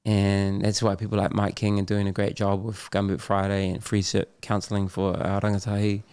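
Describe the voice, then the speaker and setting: A man's voice: on the low side, monotone, a little fast, darkish tone, clear, resonant tone, no room sound. A middle-aged man with a New Zealand accent, talking candidly and loosely as a podcast guest, with slang and laughs. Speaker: podcast guest, Muay Thai champion. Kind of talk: candid casual conversation.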